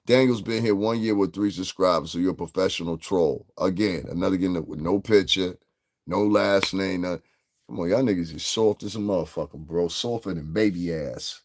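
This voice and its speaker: A man's voice: low voice, brisk, a little mellow. A man, hosting a livestream and delivering a heated, profane, combative rant at his chat. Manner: brash, profane and combative, with laughs. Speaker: livestream host.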